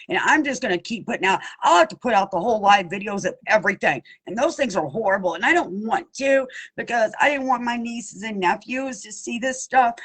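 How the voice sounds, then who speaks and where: Husky-voiced woman making an impassioned plea. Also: a little high, fairly bright tone. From Pennsylvania. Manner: impassioned, blunt, cusses, addresses listeners directly. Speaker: abuse survivor seeking justice. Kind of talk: direct-to-camera plea.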